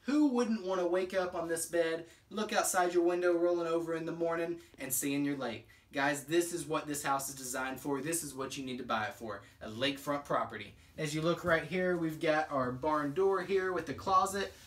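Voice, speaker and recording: High-pitched, upbeat salesy man. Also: normal speed, hardly any pauses, roomy sound, low-quality recording. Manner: upbeat, salesy, keeps addressing viewers as guys. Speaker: home tour presenter. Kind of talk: enthusiastic sales walkthrough. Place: inside a small manufactured cottage.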